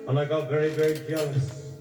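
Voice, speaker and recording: A man's voice: on the high side, flat delivery, brisk. Man telling bawdy jokes over music. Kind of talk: crude stand-up joke telling. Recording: echoey room from far off, with music.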